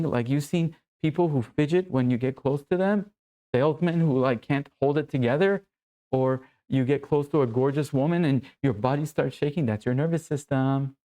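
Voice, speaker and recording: A man coaching other men in an earnest, intimate monologue, calling the viewer brother and slowing down on key phrases. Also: mid-range voice, warm tone. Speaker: men's coach. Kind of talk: direct-to-camera coaching monologue.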